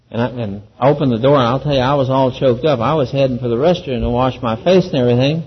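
A man's voice: medium pitch, fast, few pauses, slightly rough. A man telling a personal faith testimony in an earnest, folksy way, acting out the voices of the people in his story. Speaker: Christian speaker giving a testimony. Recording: dull lo-fi recording.

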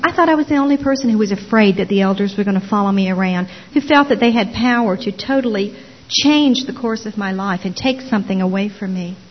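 A woman telling her personal testimony as a former Jehovah's Witness, expressive and dramatizing the story with little voices. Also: on the high side. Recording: dull lo-fi recording.

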